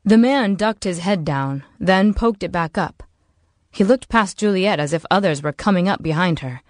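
A woman narrates a novel for an audiobook. Her delivery is measured and even, in a slightly low voice. The sound is dry and close to the mic. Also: dry recording. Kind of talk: scripted narration.

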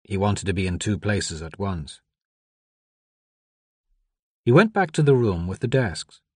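Male audiobook narrator, measured and even, dry booth sound. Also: lowish voice, slightly rough, no echo. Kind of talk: scripted narration.

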